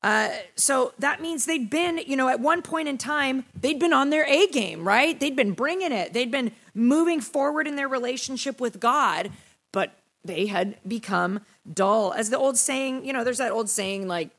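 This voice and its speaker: Woman, young adult, fairly high voice, casual Bible study teacher, conversational, keeps asking "right?". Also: expressive, moderate pace, a bit bright. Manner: conversational, frequent "right?" and "you know".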